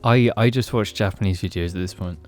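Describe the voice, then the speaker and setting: A man's voice: lowish voice, fairly quick, faint music behind. Male co-host, mid voice, earnest and easygoing. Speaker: podcast co-host. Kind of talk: casual chat.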